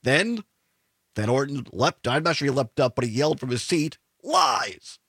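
A man's voice: medium pitch, moderate pace, a bit bright, slightly rough, no echo. A man hosting a political talk radio show, sarcastic, with chuckling asides and frequent restarts.

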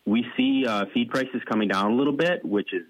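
A man guesting on a farm radio interview as a dairy lending specialist, talking in a measured, businesslike way. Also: medium pitch, no room sound, low-quality recording. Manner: plain-spoken, measured, businesslike.

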